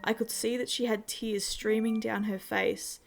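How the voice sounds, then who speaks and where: A woman's voice: a little high, creaky, soft background music. Woman narrating a horror story. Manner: measured, steady storytelling.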